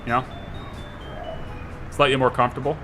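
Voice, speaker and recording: Over music, a Scottish streamer delivers gameplay commentary in a flat, mid-range voice at normal speed. He muses aloud and speaks to both viewers and the little workers in the game.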